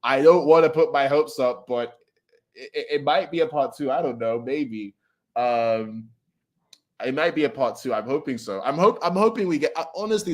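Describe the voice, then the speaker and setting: A young man chatting casually on a livestream as he reacts to a manga, greeting viewers by name and swearing loosely. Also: mid-range voice.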